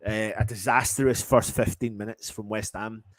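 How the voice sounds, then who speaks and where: Excitable fan commentating a match. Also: male voice, on the low side, moderate pace, no room sound. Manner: excitable, swears, swings from muttering to shouting. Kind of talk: partisan live match commentary.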